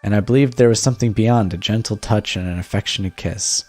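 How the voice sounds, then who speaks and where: A man's voice: lowish voice, brisk, darkish tone, no echo, close to an everyday voice. A man voicing a young husband who has just woken from a coma, sounding bewildered as he reads a text game aloud. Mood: brooding.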